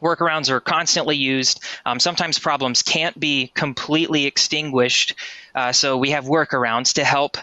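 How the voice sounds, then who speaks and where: A man presenting a live software demo in a webinar, explaining in a conversational way and often ending sentences with "right?". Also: fairly high pitch, no echo.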